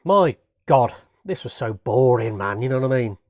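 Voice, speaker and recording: A man's voice: mid-range voice, expressive, moderate pace, darkish tone, no room sound, studio quality. A man from Britain casually reviewing his latest home movie watches, rambling and enthusiastic, peppering his talk with "man" and "you know what I mean".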